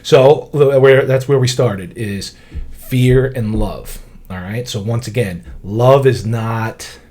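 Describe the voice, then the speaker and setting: A man's voice: medium pitch, slow pace, a little mellow. A man co-hosting a podcast in casual chat, emphatic and swearing freely, stretching words for stress. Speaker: podcast co-host.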